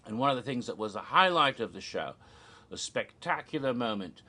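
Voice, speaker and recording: A man casually recounting a theme-park show in an animated, gossipy way with giggles. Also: mid-range voice, a little fast. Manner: animated, gossipy, giggles at his own jokes. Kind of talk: casual recap narration.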